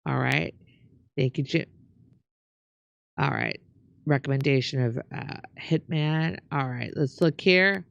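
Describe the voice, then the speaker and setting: A woman's voice: very deep voice, sing-song, slow, vocal fry, long pauses, dry recording, lo-fi sound. A woman co-hosting a show, casually reading out viewer comments with some hesitation. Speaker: co-host.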